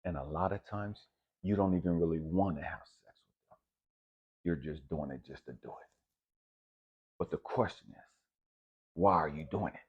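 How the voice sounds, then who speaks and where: A man voicing God as a calm, probing male presence asking quiet questions. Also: low voice, moderate pace, pauses often, breathy edge, highs cut off.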